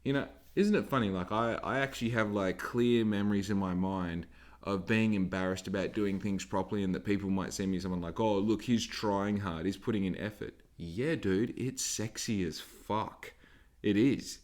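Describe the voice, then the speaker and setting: A man's voice: fairly low pitch, normal speed. An Australian man hosting a solo podcast from home, rambling and emphatic with a lot of swearing. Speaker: podcast host.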